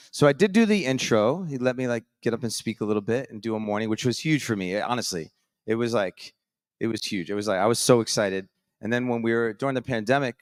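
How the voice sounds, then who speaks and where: A man's voice: lowish voice, no echo, studio quality. Upbeat chatty man hosting on stage. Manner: upbeat, chatty, rambling with frequent restarts. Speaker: host. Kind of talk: live stage hosting and casual storytelling. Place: conference stage before a live audience.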